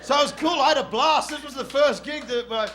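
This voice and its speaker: A crowd can be heard behind an Australian comic doing a club stand-up set, with background noise throughout. He's loud, crude and brash, often yelling and laughing into his handheld mic, his voice very high-pitched and his delivery brisk.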